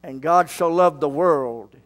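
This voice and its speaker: A male pastor, preaching a sermon slowly and building to fervent shouts. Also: a little high.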